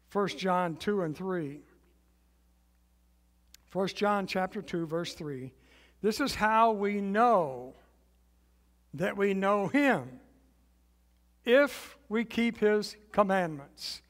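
A high-voiced man preaching at an unhurried pace, leaning on each phrase and having the church repeat his words back. His voice carries a long church-hall echo. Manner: preaching with slow emphatic repetition, leading the congregation in call and response. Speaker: guest pastor. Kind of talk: sermon. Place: church sanctuary.

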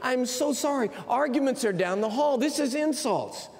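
A man's voice: very high-pitched, animated, normal speed, pitched above the performer's own voice. A man preaching who voices a rude male office clerk in a retold comedy sketch, snappy and scornful. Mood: apologetic. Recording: long hall reverb.

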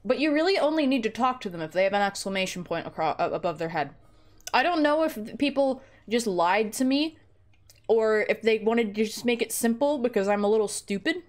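A woman's voice: a little high, expressive, fairly quick. A woman streamer chatting casually and rambling in a joking, self-deprecating way, close to her microphone at home. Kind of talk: casual gaming stream chat. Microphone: close desk microphone.

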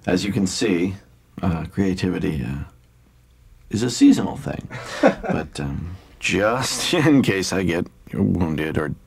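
A man chatting in a casual interview, wry and rambling with many pauses and fillers. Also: sits low, sing-song, vocal fry, slightly rough, dry recording. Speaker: voice actor interviewed about a game.

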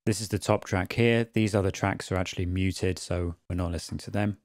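Low-voiced guy walking through an audio tutorial, calm and methodical, super dry sound. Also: a little fast, dry recording. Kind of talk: screen-recorded tutorial narration.

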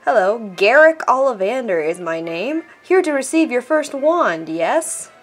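A woman reading the lines of a courteous elderly male wandmaker in a game, measured and unhurried. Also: fairly high pitch, sing-song, soft background music.

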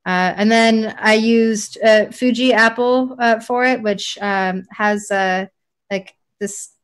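A woman's voice: on the high side, fairly even intonation, takes it slowly, clean tone. Rambling woman chatting casually. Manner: rambling, many fillers and restarts. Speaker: e-liquid mixing podcast co-host. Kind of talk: casual chat.

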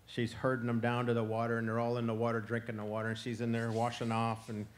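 A man from Florida telling a traditional animal tale in a relaxed, conversational way. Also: medium pitch, fast talker. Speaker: storyteller. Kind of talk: folk tale storytelling. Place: outdoor festival stage.

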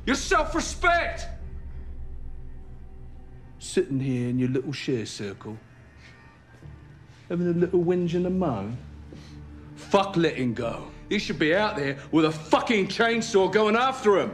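A man's voice: high-pitched, sing-song, unhurried, pauses often, a bit bright, soft background music, exaggerated voice. An actor playing a domineering, aggressive man who swears constantly and spits out every word with emphasis. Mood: taunting. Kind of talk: TV drama acting.

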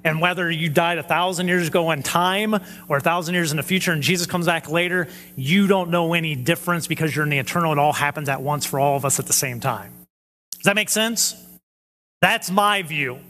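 A man's voice: on the high side, fairly quick, pushed and bright, slight background noise. A man preaching a conversational sermon who often checks in with the audience and acts out quoted voices animatedly. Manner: conversational, asks the audience questions. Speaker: pastor. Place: church hall. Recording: long church hall reverb.

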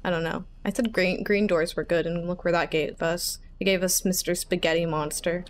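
A woman's voice: on the low side, steady tone, normal speed. Nervous chatty woman playing a horror game. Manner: chatty, nervous rambling, panicky repeats and squeals. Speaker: gaming channel host.

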